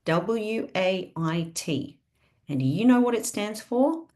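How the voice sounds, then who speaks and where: A woman with a mid-range voice talks slowly while leading a live online sales team training over video call. She's conversational and lively, and she often quizzes her listeners.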